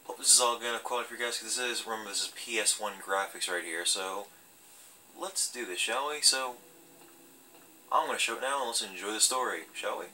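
A man's voice: on the low side, brisk, sharp tone, slight background noise, poor audio. A man hosting a let's play, giving chatty, casual commentary with wry joking asides as he plays.

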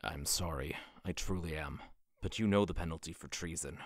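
A man's voice: rumbling low, normal speed, dry recording, studio quality. A man voicing a stern male fox general and protective father in an audio drama, commanding and harsh.

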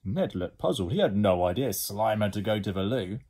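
A man reads a children's storybook aloud, with a husky, lower-pitched voice. His delivery is animated and rises and falls widely, in a teacher's story time style. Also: normal speed. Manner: expressive, animated.

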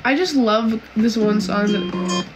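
A woman's voice: fairly high pitch, slow, music in the background, poor audio. A woman from Canada hosting a casual livestream, reading viewer comments aloud and answering them in a chatty, giggly way full of "like"s and "um"s.

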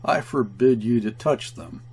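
A man reading aloud, voicing an anxious, indignant male trading agent who stammers in anger, with a husky voice. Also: mid-range voice, unhurried, darkish tone. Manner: stammering when angry.

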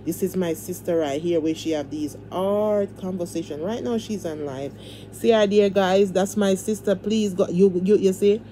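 Fervent mellow-voiced woman. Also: mid-range voice, moderate pace, slight background noise. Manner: fervent, repetitive, preacher-like pleading. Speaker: livestream host. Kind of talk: casual livestream chat.

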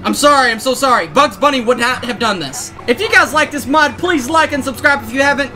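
A young man giving excitable gameplay commentary, often shouting and laughing as he plays. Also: extremely high pitch, fairly quick, faint music behind. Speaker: gaming YouTuber.

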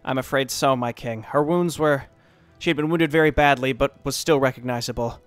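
A man's voice: mid-range voice, fairly quick, smooth, no room sound, faint music behind, natural voice. A man reading as a formal royal messenger. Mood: solemn. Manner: formal, respectful report. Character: dutiful male royal messenger. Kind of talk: reading game dialogue aloud.

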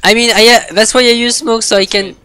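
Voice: medium pitch, quick pace, clear, resonant tone. Eine Person im Voice-Chat, die beim Spielen aufgeregt ausruft und flucht. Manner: excitable, exclaiming and swearing. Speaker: co-player in voice chat. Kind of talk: casual gaming chat.

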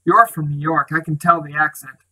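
A man's voice: on the high side, fairly even intonation, fairly quick, sharp tone, poor audio. Male reader doing a brash, streetwise teen boy; storybook reading, teasing. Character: brash, cocky teenage town boy.

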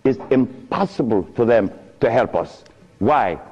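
A man telling stories in an animated talk, chuckling often and speaking with preacher-like emphasis. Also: medium pitch, unhurried, breathy edge, big-room sound. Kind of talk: animated storytelling lecture. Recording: dull lo-fi recording.

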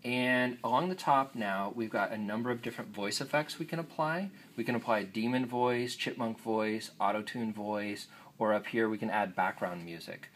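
A man's voice: lowish voice, normal speed, fairly bright tone, a little hiss or hum. Upbeat man demoing a phone app. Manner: upbeat, informal, jokey. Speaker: app demonstrator. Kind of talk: casual app demo walkthrough.

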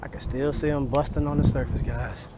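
A man's voice: medium pitch, steady tone, brisk, background noise. A man fishing outdoors at dusk, chatting casually to viewers between casts. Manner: talks to viewers between casts, swears when he loses a fish. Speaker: fishing vlogger. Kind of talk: casual commentary while fishing.

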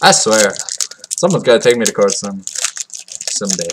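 A man doing crude, excitable unboxing commentary into a cheap computer mic, swinging from loud yelps to low mumbling and mocking himself. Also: moderate pace, background noise. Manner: crude, joking self-mockery. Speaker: card unboxing vlogger. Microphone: cheap computer mic that cuts out.

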